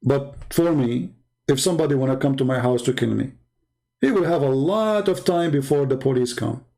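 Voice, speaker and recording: A man's voice: mid-range voice, moderate pace, dark tone. A man from the Middle East speaking English, in an emphatic, repetitive casual monologue with broken grammar. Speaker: Christian apologist.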